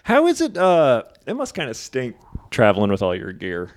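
A man's voice: mid-range voice, huge pitch swings, normal speed. A man hosting a podcast, chatting casually with brief, encouraging questions and reactions. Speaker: podcast host. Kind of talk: casual chat.

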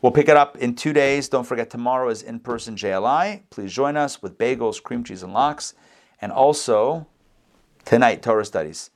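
A man leads a lively scripture lesson for a class. He keeps breaking into character voices that leap up in pitch, then settles back into casual remarks to his listeners. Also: normal speed. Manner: acts out the characters' lines with big pitch jumps; chatty asides to the class. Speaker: rabbi teaching Torah class.

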